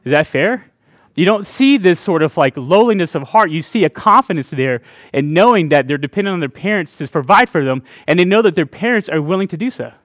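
Speaking a little fast in a slightly high, somewhat bright voice, a middle-aged pastor preaches conversationally to his church. He's expressive and chatty, tossing in laughing asides and frequent "right?" checks, recorded in studio quality with no room sound.

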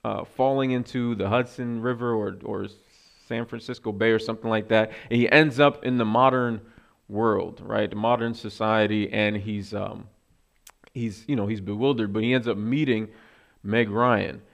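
A man's voice: on the low side, steady tone, normal speed, gravelly. A man giving a casual, conversational sermon with self-deprecating asides and frequent fillers. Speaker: preacher.

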